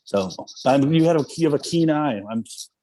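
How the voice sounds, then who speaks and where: A man's voice: on the high side, animated, normal speed, dark tone, slight background noise. A man guesting on a talk show as an actor, talking casually and self-deprecatingly with many fillers. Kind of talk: casual interview chat.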